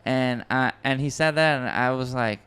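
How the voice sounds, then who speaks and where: A man hosting a podcast, telling a story in a casual, excitable and rambling way with frequent swearing and restarts. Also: mid-range voice, normal speed, smooth. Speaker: podcast host and music producer.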